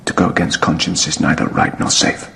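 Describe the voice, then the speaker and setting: An actor playing a defiant male reformer on trial, declaring his stand slowly and solemnly, heard from a film clip played in a reverberant hall. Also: a bass voice, flat delivery, vocal fry, a bit bright, a little hiss or hum, heavily acted. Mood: solemn defiance. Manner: slow, solemn, deliberate declaration.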